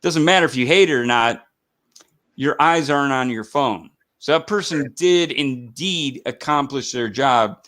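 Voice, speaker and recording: Guy hosting a chat show, bright voice, rambly and animated. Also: medium pitch. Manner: rambling, animated, quick asides. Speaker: podcast host. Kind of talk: casual chat.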